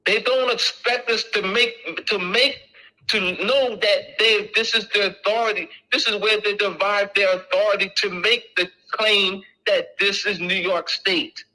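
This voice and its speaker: This middle-aged lecturer's voice is high, sharp and forceful, and he keeps repeating himself to press each point. Though casual, he's insistent, keeping a measured pace and fairly even intonation on poor audio.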